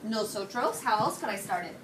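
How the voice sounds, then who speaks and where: A woman teaching a high school Spanish class, questioning her students and mixing English with Spanish. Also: animated, a little fast. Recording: distant mic, noisy classroom.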